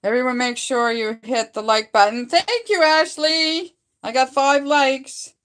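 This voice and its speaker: Middle-aged Canadian woman, phone livestream host, unhurried and bright, rambles with easy laughs. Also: high voice, steady tone. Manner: chatty, rambling, laughs often. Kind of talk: casual live chat with viewers. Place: at home.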